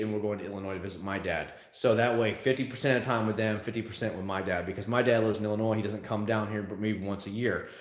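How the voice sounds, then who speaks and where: A man's voice: medium pitch, fairly bright tone, reverberant. A man in his thirties hosting a livestream, chatting casually and answering comments as they come in. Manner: rambling, answers chat comments. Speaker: livestream host.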